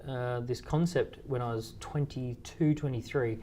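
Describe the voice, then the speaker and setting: A man in his thirties talks through ideas in an easy, rambling way, stopping and restarting with fillers as he builds each point. His voice sits at an ordinary middle pitch. Faint room ambience hums behind him. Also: fairly even intonation, unhurried, mellow, slight background noise. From Australia. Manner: storytelling with quoted dialogue, frequent fillers and restarts. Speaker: entrepreneur guest. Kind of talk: conversational interview answers.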